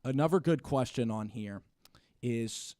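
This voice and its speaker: A man co-hosting a live sports talk show, ranting excitedly in rambling bursts with frequent restarts. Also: mid-range voice, measured pace, no room sound, studio quality. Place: home studio, live stream.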